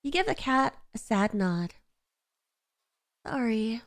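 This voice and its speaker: A woman's voice: expressive, moderate pace. Gushing woman streamer reading a game. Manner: emotional, gushing, high squeals when moved. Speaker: gaming streamer. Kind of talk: reading a story game aloud with chat asides.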